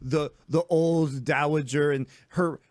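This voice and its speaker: A man's voice: fairly high pitch, takes it slowly, no echo. Dry-voiced man chatting about films. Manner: animated, repeats himself for emphasis. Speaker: podcast co-host. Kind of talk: casual film discussion.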